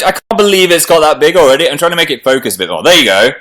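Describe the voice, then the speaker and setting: A man chatting casually to viewers on a live stream, excitable and cooing over a small pet. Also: medium pitch, very fast, hardly any pauses, echoey room. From England. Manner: excitable, coos over his pet shrimp. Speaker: livestream host.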